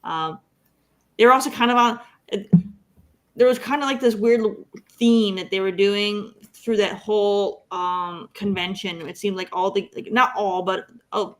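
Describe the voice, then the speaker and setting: Woman, co-host, from the northern US, giggly, easygoing, casual chat, mid pitch. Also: fairly even intonation, a little slow, a bit bright. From northern United States.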